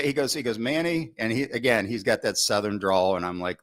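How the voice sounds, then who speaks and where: This middle-aged football coach talks fairly quickly at medium pitch, with hardly any pauses, while telling coaching stories on a podcast. He's animated, acts out what went through his head, often restarts, and says "you know" frequently.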